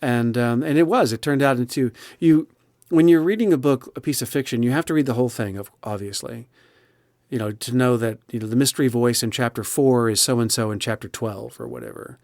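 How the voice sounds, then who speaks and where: Guy who narrates audiobooks, chatty and expressive, lots of restarts, medium voice, dry close sound. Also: medium pitch, brisk, no room sound. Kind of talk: casual interview chat.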